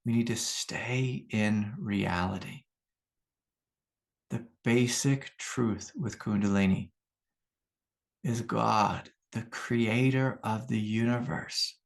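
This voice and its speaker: Gravelly low-voiced man teaching meditation. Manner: calm, unhurried, repeats key phrases. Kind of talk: spiritual teaching talk.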